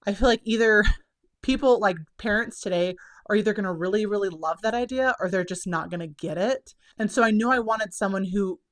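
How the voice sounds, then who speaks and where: A woman's voice: mid-range voice, a little fast. A young woman chatting casually to camera as a channel host. She is out of breath and upbeat, with many fillers. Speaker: self-published children's book author and channel host.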